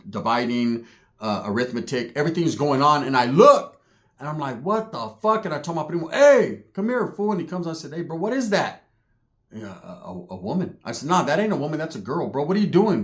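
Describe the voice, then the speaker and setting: A young man telling a profane story in street slang and acting out the people he quotes. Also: medium pitch. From California. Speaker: commentary vlogger. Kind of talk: storytelling rant.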